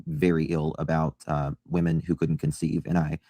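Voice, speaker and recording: A man calmly and insistently reading out an email he sent, correcting claims about himself. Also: very deep voice, moderate pace, no echo, clean studio sound.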